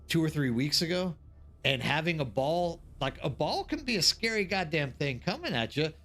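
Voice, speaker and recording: A man in his thirties hosts a casual live stream and tells long, rambling stories to his chat. His voice sits a little high for a man. He fills his talk with "like" and often restarts his sentences. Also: fairly bright tone, slight background noise. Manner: rambling anecdotes with many fillers and restarts. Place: living abroad in South Korea.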